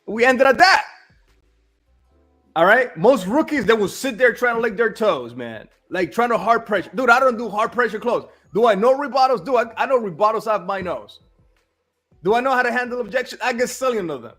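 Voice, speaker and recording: A man's voice: sits high, lively intonation, brisk, a bit bright, faint music behind. A man in casual business chat, blunt and emphatic, often asking "all right?".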